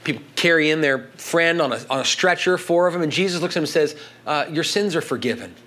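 A middle-aged man preaching a sermon, building to emphatic peaks and then dropping low and quiet. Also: quick pace. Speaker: pastor.

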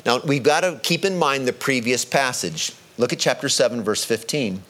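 A man preaching a sermon, stressing key words and slowing down to drive his points home. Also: fairly bright tone. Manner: emphatic, rises in pitch on key words, slows to stress points.

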